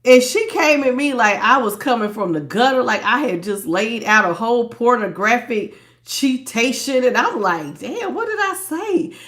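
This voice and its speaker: A woman's voice: a little high, expressive, moderate pace, a bit bright. A woman hosting a tarot live stream in casual chat, playful and laughing often, greeting viewers by name and calling them baby. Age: adult, past young. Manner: calls listeners "baby" and "child".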